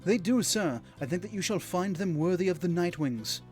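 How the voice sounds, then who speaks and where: A man's voice: high-pitched, lively intonation, normal speed, a little mellow, faint music behind, voice pushed up. A man voicing a polite, loyal young minstrel who addresses his leader with respect, as he reads game dialogue aloud. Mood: courteous.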